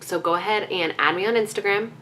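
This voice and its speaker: A woman's voice: mid-range voice, fast, fairly bright tone. A young woman vlogging casually to her viewers, chatty with lots of ums, a little out of breath. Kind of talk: casual chat to camera.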